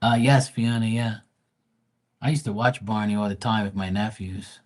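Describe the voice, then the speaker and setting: Low-voiced, blunt, profane male tarot streamer. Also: steady tone, normal speed, a little mellow. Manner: blunt, profane, greets chat viewers by name. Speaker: livestream tarot reader. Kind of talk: casual livestream chat.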